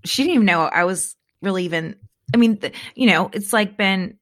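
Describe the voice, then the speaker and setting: A woman hosting a podcast, telling stories in a rambling, animated way and acting out what people said. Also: mid-range voice, brisk. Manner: rambling, animated storyteller who acts out quotes. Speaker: podcast host. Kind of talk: casual chat.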